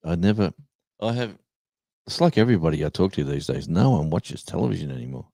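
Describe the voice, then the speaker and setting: A rambling, chatty man, speaking in a very low and mellow voice. He hosts a casual live stream and is recorded close to the mic with no room sound. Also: quick pace, vocal fry, dry recording. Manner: rambling storyteller, chatty and animated. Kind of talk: casual chat.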